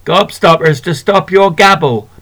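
A man's voice: high-pitched, a little slow, fairly bright tone, pitched above the performer's own voice, heavily acted. A man voicing a cheerful, motherly shopkeeper woman in a storybook reading. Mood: hearty. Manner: hearty, reassuring.

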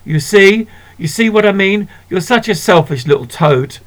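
A man voicing a scornful, sharp-tongued older sister in a storybook reading. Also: sits high, animated, moderate pace, pitched above the performer's own voice. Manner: sneering, cutting.

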